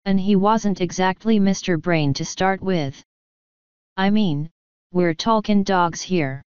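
A woman's voice: lowish voice, slow, darkish tone, clear, resonant tone, no echo, lo-fi sound. A woman reading the part of a streetwise male talking dog in an audiobook, drawling and dropping her g's. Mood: gruff.

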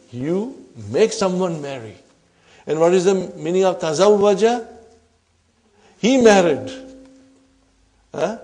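A man teaching an Arabic grammar class. He keeps questioning his students, prompts them with a quick "huh?", and calls them brothers and sisters. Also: sits high, darkish tone.

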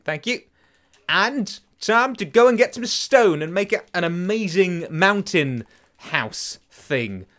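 A young man commentates his game in a chatty, excitable way. His fairly high voice leaps up and down constantly. He keeps poking fun at himself between bursts of delight. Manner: chatty, excitable, self-mocking, sings silly chants. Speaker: gaming channel host. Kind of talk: casual let's play commentary.

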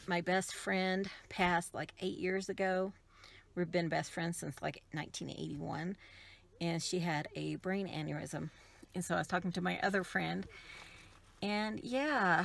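A middle-aged woman from the United States, telling an emotional personal story in a soft, rambling way with many restarts. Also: lowish voice, creaky. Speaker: craft vlogger.

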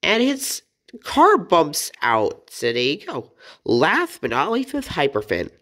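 Low-voiced woman reviewing toys playfully. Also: huge pitch swings, takes it slowly, fairly bright tone. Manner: playful, chatty, giggles often. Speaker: toy review host. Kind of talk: casual toy review narration.

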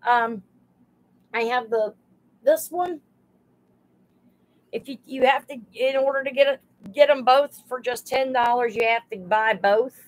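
A woman's voice: on the high side, unhurried, long pauses, low-quality recording. A woman hosting a live sale stream, chatting homily and greeting viewers by name as she prices items. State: overheated.

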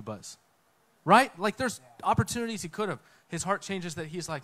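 A man giving a conversational sermon talk on a church stage, telling a story with lively acted-out quotes. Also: high-pitched, normal speed. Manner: animated storytelling, acts out quotes. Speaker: guest speaker.

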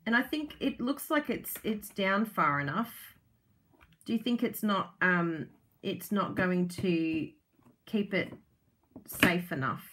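A woman chatting casually as she unboxes craft kits, gushing and excitable, laughing often. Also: medium pitch, takes it slowly, a little hiss or hum. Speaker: craft vlogger and product demonstrator.

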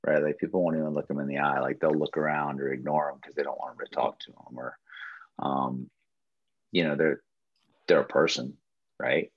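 Really low voice, chill guy running a video call webinar, dull lo-fi sound. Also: little pitch movement, normal speed, husky, no echo. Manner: laid-back, peppered with "man" and "you know". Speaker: webinar host. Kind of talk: casual group video-call chat.

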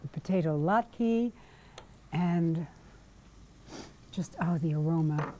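A woman's voice: on the low side, takes it slowly. A woman hosting a TV cooking segment in a studio kitchen, gushing over the food and signing off the show. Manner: gushing, warm sign-off delivery. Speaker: TV show host.

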